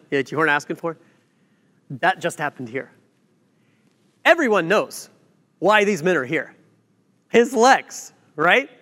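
Animated preacher man in a reverberant hall. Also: a little high. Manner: animated storytelling with acted-out quotes. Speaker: pastor. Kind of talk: sermon.

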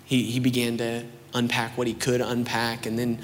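A young man preaching and telling his own story in a casual, animated way, with lots of "like" and "you know". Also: medium pitch, normal speed, in a large hall, slight background noise. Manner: conversational, animated storytelling with many fillers. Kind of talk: sermon with personal testimony.

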